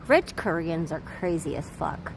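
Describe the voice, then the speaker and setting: Speaking indoors at a hotel over background noise, this vlogger, a woman in her thirties from Taiwan with an American accent, tells profanity-laced stories and laughs as she chats. Her voice is deep, gravelly and animated, delivered at a measured pace.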